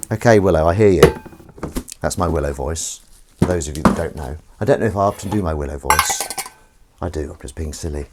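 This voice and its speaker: Low-voiced man rambling on a live stream. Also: brisk, heavy background noise. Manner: rambling, self-interrupting, casually sweary. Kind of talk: casual live-stream chat. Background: faint running water and sink sounds.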